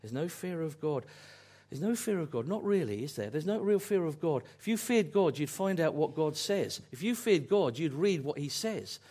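A man's voice: on the high side, lively intonation, normal speed, warm tone, breathy edge. A man preaching a sermon, earnest and fond of repeated phrases and pointed questions.

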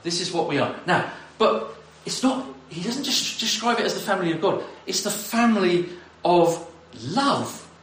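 A man's voice: sits high, animated, moderate pace, hardly any pauses, fairly bright tone, a little hiss or hum. A man preaching a sermon to his congregation, exclamatory and addressing them directly. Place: church hall. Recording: echoey hall from far off.

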